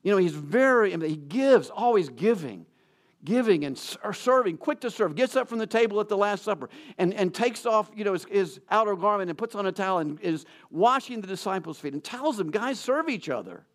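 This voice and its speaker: A man's voice: high voice, expressive, brisk. A male pastor giving a sermon in a conversational way, joking about himself and often restarting his sentences. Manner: conversational preaching with self-deprecating jokes and frequent restarts.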